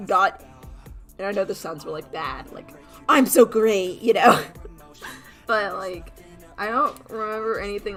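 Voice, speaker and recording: A woman's voice: fairly low pitch, pushed and bright. A young woman chatting casually while she draws on stream, rambling and giggly, poking fun at herself. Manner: rambling, giggly, self-mocking, acts out quoted voices. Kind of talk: casual chat while drawing. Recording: faint background music.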